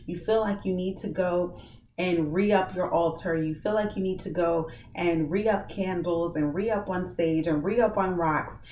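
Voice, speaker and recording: A woman's voice: fairly low pitch, a little slow, a little hiss or hum. Woman telling her dream story and preaching casual style, acting out the lines, echoey room, mic a bit far off. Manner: animated storytelling, acts out her own dream dialogue. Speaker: ministry vlogger.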